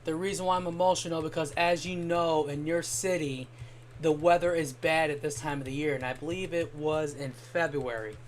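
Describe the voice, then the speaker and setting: A young man chats casually while streaming a game, spinning long, rambling anecdotes and swearing now and then. His voice is a little high with fairly even intonation, and he talks at a moderate pace over slight background noise.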